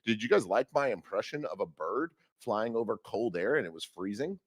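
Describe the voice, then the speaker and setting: A man hosting a live trading stream in a loud, jokey way, his pitch swinging wildly from low mutters to shrill squeals. The sound is dry and close, with no room echo at all. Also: lively intonation, fairly quick. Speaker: host.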